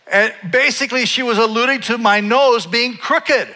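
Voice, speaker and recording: A man in his forties preaching a sermon, telling a personal story in a conversational way that swings from quiet asides to loud, animated bursts. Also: extremely high pitch, moderate pace, few pauses, in a large hall. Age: 40s. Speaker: pastor.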